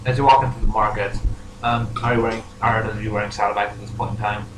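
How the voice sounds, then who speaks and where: A young man narrating a tabletop role-play as game master, halting with ums and restarts. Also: lowish voice, level tone. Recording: roomy room, clear background noise.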